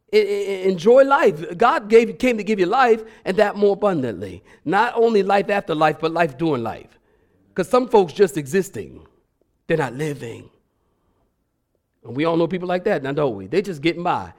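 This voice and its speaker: Animated high-voiced male preacher. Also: moderate pace. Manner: animated, conversational, playfully acts out voices. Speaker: guest preacher. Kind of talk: lively sermon.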